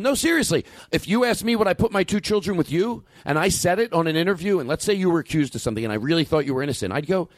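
A male podcast host talks in a slightly high, very lively voice, rambling and restarting as he acts out quotes. The sound is close and dry. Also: very fast, hardly any pauses, dry recording. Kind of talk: casual comedic podcast chat.

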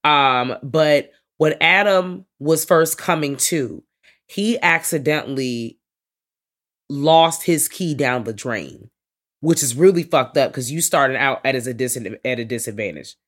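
A man co-hosting a podcast, recapping horror films in casual, animated chat full of slang and swearing. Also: medium pitch, a little slow. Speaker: podcast co-host.

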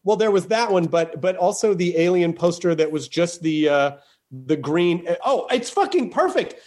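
A man's voice: sits high, sing-song, moderate pace, a little mellow. Rambling profane comedic podcast man. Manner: rambling, profane, joking riffs. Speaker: podcast host. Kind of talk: casual comedic chat.

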